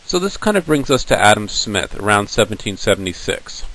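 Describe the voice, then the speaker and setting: A male teacher lectures his class in a relaxed, conversational way, telling stories with plenty of asides. His voice sits fairly low. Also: brisk, poor audio. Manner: casual, conversational storytelling.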